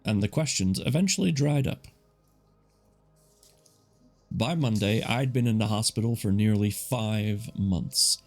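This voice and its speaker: This audiobook narrator speaks at a fairly low pitch, unhurried and a little mellow, leaving long pauses while faint music plays underneath. He reads a novel live and casually, adding chatty asides and correcting his reading as he goes.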